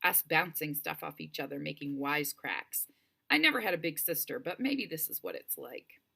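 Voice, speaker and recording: Expressive woman reading an audiobook. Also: low voice, moderate pace, vocal fry, breathy edge. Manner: expressive storytelling, wry humor. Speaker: audiobook narrator. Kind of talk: first-person audiobook narration.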